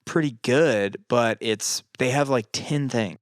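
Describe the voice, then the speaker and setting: A young man co-hosting a podcast in casual chat, swearing freely and animated. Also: mid-range voice, slow, dry recording. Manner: swearing, animated, quotes people in put-on voices. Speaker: podcast co-host.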